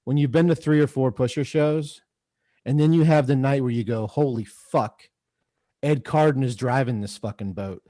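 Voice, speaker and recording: A comedian chats loosely on a livestream, rambling and swearing as he goes. His voice is dark and mellow, and the sound is dry and close. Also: medium pitch, normal speed, dry recording. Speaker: comedian, roast honoree. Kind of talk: casual livestream chat.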